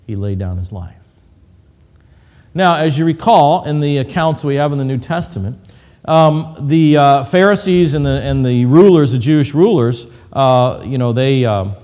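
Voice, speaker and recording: A man's voice: mid-range voice, lively intonation, normal speed, a little mellow. A man preaching a sermon with slides, vivid and hands-on, acting out cries and whispers and adding medical detail. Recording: long hall reverb.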